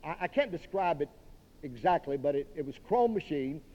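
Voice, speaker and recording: A man's voice: fairly high pitch, animated, normal speed. A man from Dallas, preaching a sermon in a direct, emphatic, folksy way. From Dallas, Texas. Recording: dull long-reverb hall recording.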